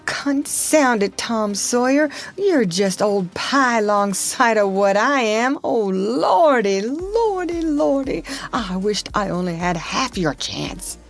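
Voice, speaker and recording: A woman voicing a frightened, superstitious country boy who talks in a folksy drawl and pleads in hushed tones. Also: medium pitch, expressive, unhurried, pitched above the performer's own voice. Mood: despairing.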